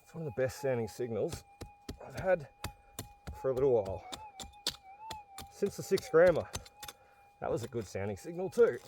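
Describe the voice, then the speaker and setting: This metal detecting channel host chats directly with viewers as he narrates his search outdoors in the bush. His medium-pitched voice is animated and moderately paced, broken by long pauses, with background noise present.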